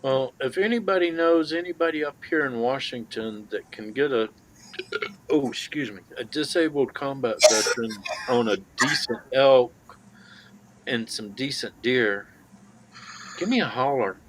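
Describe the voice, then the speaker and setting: A man's voice: mid-range voice, moderate pace, background noise. A man from Alabama with a Southern accent, chatting casually as a guest and laughing often. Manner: laughs often, stumbles on starts. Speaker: guest on a livestream. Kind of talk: casual chat.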